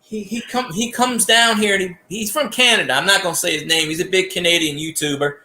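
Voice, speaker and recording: A man telling stories in casual livestream chat, animated, ranting and cursing freely. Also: high-pitched, a little fast, echoey room. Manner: animated storytelling with rants and cursing.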